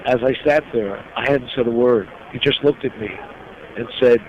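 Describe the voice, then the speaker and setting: Older New York man telling stories. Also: mid-range voice. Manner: emotional, slow storytelling. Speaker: guest. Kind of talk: reflective storytelling interview. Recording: dull lo-fi recording with noise.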